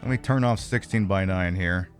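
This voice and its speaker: A man's voice: low-pitched, normal speed, music in the background, crowd noise. A man hosting a live game stream, chatting casually and cracking crude jokes.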